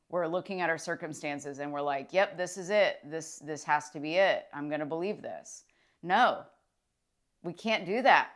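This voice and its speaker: A woman, a social worker, talking casually and enthusiastically to camera about mindset, rambling with fillers and restarts. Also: deep voice. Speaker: licensed clinical social worker and mindset vlogger. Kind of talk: casual motivational talk to camera.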